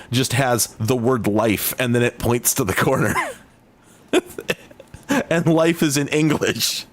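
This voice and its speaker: A man in the middle of the usual pitch range mutters and rambles through casual retro-gaming commentary. He is sardonic and keeps breaking off his own sentences, then starting them again. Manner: rambling, sardonic, self-interrupting. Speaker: host. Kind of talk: casual commentary while playing retro games.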